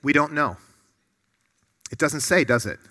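A man's voice: a little high, measured pace, pushed and bright. A man preaching a sermon to a room of listeners, earnest and often putting questions to them.

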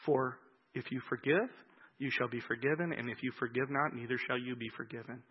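A man preaching a sermon as pastor, swinging between loud, emphatic acted-out quotes and slow, soft reflection. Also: mid-range voice, breathy edge, muffled recording.

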